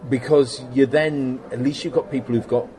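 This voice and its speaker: A middle-aged man in a casual interview, telling stories about his workshop in an animated way and acting out the exchanges he quotes, laughing often. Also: medium pitch, normal speed. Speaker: guest, special effects workshop owner.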